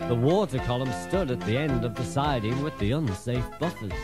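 A man narrating a children's storybook in an expressive, animated way, with music behind. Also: mid-range voice, brisk.

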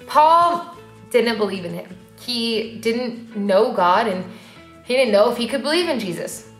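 A young woman leading a preschool church Bible lesson, sing-song and animated, asking the kids questions. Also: on the high side. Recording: roomy echo with faint music.

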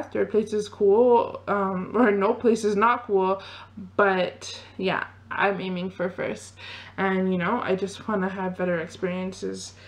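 Young woman with a gravelly voice. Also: medium pitch. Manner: rambling, loose, full of "you know" and "like". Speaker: fitness vlogger and pole dancer. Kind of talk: casual chat to camera.

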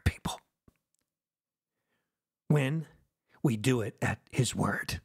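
A man preaching a fervent sermon, firing rhetorical questions at his listeners and swinging between loud declarations and hushed lines. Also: medium pitch, expressive, slow pace, vocal fry, long pauses, breathy edge. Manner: asks the audience rhetorical questions.

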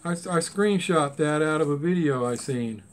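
A man who vlogs about die-cast car collecting unboxes toy cars for his channel, chatting casually and rambling in a folksy way with Southern-style grammar. His voice is on the high side and he speaks at a normal speed.

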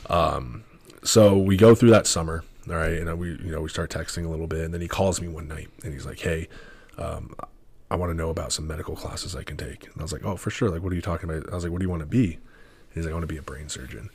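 Guesting on a podcast, a young man in his twenties tells a casual, rambling story, correcting himself as he goes and acting out each person's lines in dialogue. His voice is low, quick, darkish and slightly rough.

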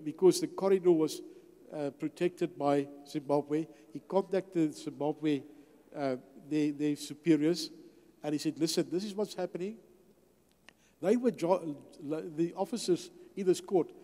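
A man with a slightly high, warm voice, an older guest speaker in a church hall, delivers a testimony sermon, telling his story and acting out the dialogue. The recording carries the long reverb of the hall.

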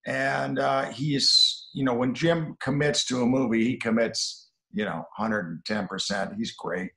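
A middle-aged man, a film director, telling anecdotes in an interview and dropping to a low murmur on asides. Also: fairly even intonation, unhurried, vocal fry, sharp tone. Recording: roomy echo.

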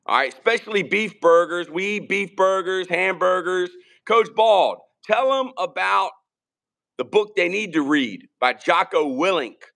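A man from Virginia, co-hosting a casual podcast stream and rambling through shout-outs and jokes. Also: sits high, a little slow, creaky. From Richmond, Virginia. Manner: rambling, shouting out viewers, joking. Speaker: podcast co-host. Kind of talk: casual live-stream chat.

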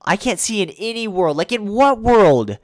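A young man giving crude, sarcastic comedic commentary as a YouTuber, often breaking into loud mock voices. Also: sits high, animated, moderate pace.

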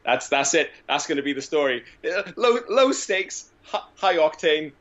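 A man, a guest on a podcast, pitching silly ideas in an animated, profane, joking way. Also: moderate pace. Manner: animated, profane comic storytelling. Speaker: guest filmmaker. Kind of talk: casual podcast chat. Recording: dull lo-fi audio.

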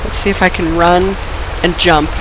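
A woman commenting on her gameplay, her voice lowered and rough from being sick with a dry cough; excitable, swearing and laughing at herself. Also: moderate pace, noisy background. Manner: excitable, swears and laughs often, self-mocking. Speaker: let's play gamer.

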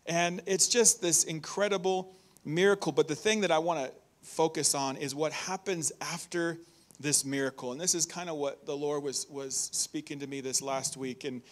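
A man preaching a conversational, animated sermon in a church, reading scripture and acting out warnings. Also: a little high, moderate pace.

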